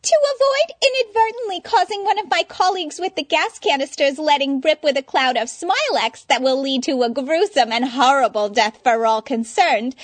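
A woman voicing a bubbly, unhinged young female villain with a squeaky, singsong, showy delivery. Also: dry recording.

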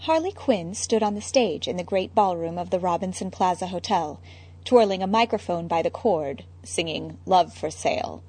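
A woman narrating a story in a measured, wry storytelling manner. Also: on the low side, lively intonation, a little mellow, husky. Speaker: audiobook narrator. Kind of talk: scripted narration.

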